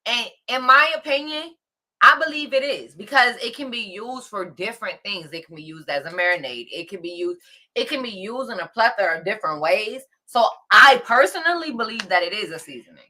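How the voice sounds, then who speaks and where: A woman co-hosting a podcast, chatting casually in an animated, emphatic and slangy way. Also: mid-range voice, brisk. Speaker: podcast co-host. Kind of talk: casual chat.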